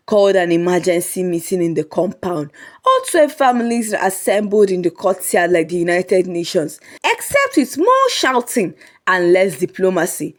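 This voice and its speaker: A woman narrating a comic folk story in a lively, humorous way. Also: mid-range voice, moderate pace.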